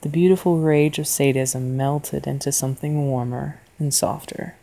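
A woman narrating a horror story in a quiet, deliberate manner. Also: a bass voice, steady tone, creaky, rough recording.

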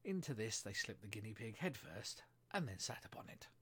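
A man narrating a storybook aloud in a steady, soft-spoken way. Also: lowish voice, fairly quick. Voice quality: husky, breathy.

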